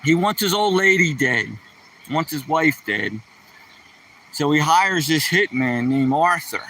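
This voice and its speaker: On a casual joke-telling livestream, the host rambles through corny jokes and mocks himself. His voice is on the high side, animated and sharp, but slow, and the mic sounds distant.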